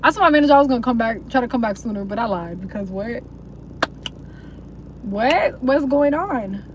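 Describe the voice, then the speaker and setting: In a casual livestream, a young woman rambles to her viewers, full of slang, swearing, and mocking impressions. Her fairly high voice is expressive and moves at normal speed. The audio sounds dull against a noisy background.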